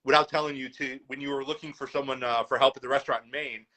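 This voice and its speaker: Guest, man from Chicago, bright and forceful, eager. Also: mid-range voice, fairly even intonation, fast talker, poor audio. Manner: eager and upbeat, many "you know" fillers. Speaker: guest, food business owner. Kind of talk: casual chat.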